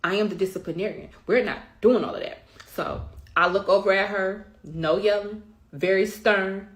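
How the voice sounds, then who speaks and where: A woman's voice: medium pitch, steady tone, fairly quick, fairly bright tone. A middle-aged woman speaking bluntly and with emphasis, often swearing, as a mother telling her side in a storytime rant. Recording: roomy echo.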